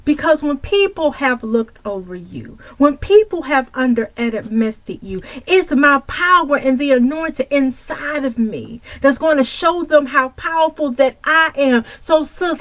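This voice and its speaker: A woman from Detroit delivers a fiery motivational sermon, confronting the listener with one rhetorical question after another. Her voice sits a little high, and the sound is dry and close with no room echo. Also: animated, unhurried, few pauses, fairly bright tone. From Detroit, United States. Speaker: motivational speaker and coach. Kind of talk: preaching motivational talk.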